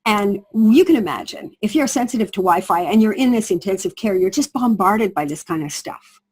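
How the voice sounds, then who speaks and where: A woman's voice: mid-range voice, animated, brisk, a little mellow, slightly rough, poor audio. A middle-aged woman presenting a skincare product through a told story, acting out the people she quotes. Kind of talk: storytelling sales pitch.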